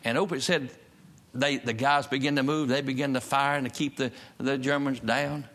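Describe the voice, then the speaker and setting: A man's voice: medium pitch, fairly even intonation, moderate pace, fairly bright tone. A man preaching a sermon in a church service, emphatic and repeating his key phrases. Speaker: pastor.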